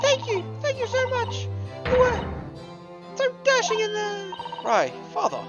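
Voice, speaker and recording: Gushing young woman as a woman puts her on, high and squealy, swooping all over, dull sound, loud game music. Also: huge pitch swings, a little slow, exaggerated voice. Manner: breathless, squealing praise. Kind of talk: reading game dialogue aloud.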